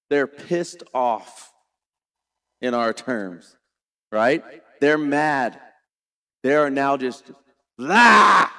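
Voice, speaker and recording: A middle-aged man preaching a sermon, retelling a scripture story dramatically and shifting between quiet and loud. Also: medium pitch. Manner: dramatic storytelling preacher, varies volume widely. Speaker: pastor.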